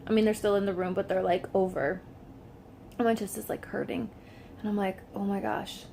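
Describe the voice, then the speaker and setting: There's slight background noise as this young woman vlogs at home, her warm mid-range voice running a little fast with vocal fry. Chatty and leaning on "like" all the time, she storytells to camera and acts out people's lines.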